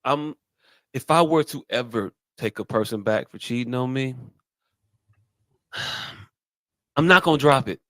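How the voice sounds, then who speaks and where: A man's voice: medium pitch, measured pace, pauses often, a bit bright, dry recording, clean studio sound. A man co-hosting a podcast, blunt and profane, often restarting his sentences in casual chat. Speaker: podcast co-host.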